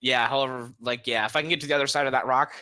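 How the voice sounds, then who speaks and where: A man's voice: medium pitch, steady tone, racing, sharp tone, clean tone. A man playing a tabletop game, laid-back and slangy, swearing casually as he plans his turn. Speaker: player.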